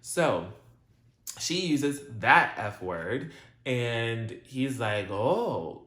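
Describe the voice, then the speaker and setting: A man talks through a TV episode in a loose, chatty recap. He leans on slang and keeps saying "like" as he tells the story. His voice sits at an ordinary middle pitch and rings a little in a roomy space. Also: expressive, very slow, pushed and bright. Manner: chatty retelling, heavy use of "like" and slang. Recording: roomy echo.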